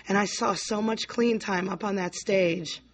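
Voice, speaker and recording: With a mid-range voice, fairly even intonation, and a slightly slow pace, a Virginia woman gives an open, meandering recovery talk at a convention, saying "you know, like" often as she shifts from laughing to almost crying.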